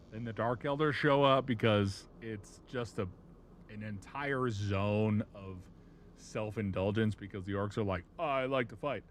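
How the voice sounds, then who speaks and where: A man talks casually on a live stream, rambling through a story with plenty of swearing. His voice sits fairly low, and the delivery is loose and animated. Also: slow pace, long pauses, a little hiss or hum.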